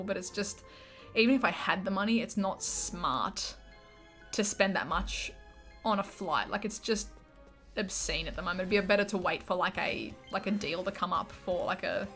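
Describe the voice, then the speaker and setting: A young Australian woman chats away to her stream audience in a bubbly, talkative way, with a voice of ordinary middle pitch. Soft game music plays faintly behind her desk mic. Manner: chatty, bubbly, quick asides to chat. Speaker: gaming streamer. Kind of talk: casual chat with live chat while playing.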